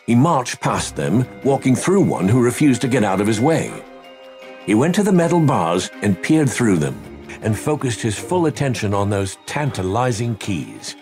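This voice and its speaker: A man narrating an audiobook in a lively, expressive way. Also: medium pitch, normal speed, soft background music.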